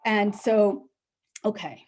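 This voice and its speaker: A middle-aged woman telling a personal story on a live stage, animated and acting out the people she quotes. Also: slow pace, slight background noise. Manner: animated, acts out quoted voices with big pitch jumps.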